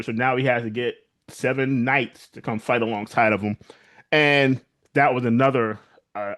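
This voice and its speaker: A man co-hosting a podcast, animatedly recapping a TV series in casual chat and acting out what the characters say. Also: medium pitch. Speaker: podcast co-host.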